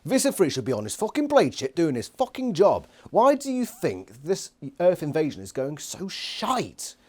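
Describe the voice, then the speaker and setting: A man's voice: fairly high pitch, wildly swooping pitch, moderate pace, a little mellow. A man giving an exasperated, sweary, sarcastic book review rant. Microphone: phone nearby.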